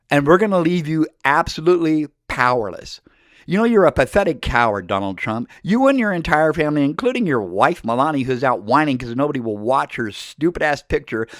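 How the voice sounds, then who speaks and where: A man's voice: fairly high pitch, dry recording, clean studio sound. A middle-aged man from the United States delivering an angry, emphatic political monologue that speaks directly to the listener. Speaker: political commentator.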